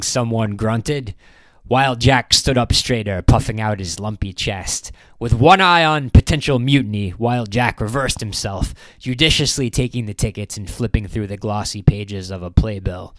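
A man reading a story as a narrator, low-key and measured. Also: dry recording. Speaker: audiobook narrator. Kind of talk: scripted narration.

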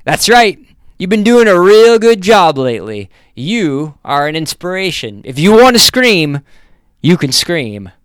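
A man reading aloud, voicing an eager male warehouse boss who talks loud and pushy. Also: sits high, sing-song, unhurried, smooth, no room sound, voice pushed up. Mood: coaxing.

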